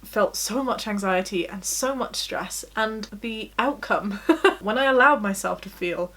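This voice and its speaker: A woman's voice: mid-range voice, a little slow, a bit bright. A young woman vlogging in a casual, confessional chat, talking openly and laughing at herself. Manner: chatty, giggly, self-deprecating.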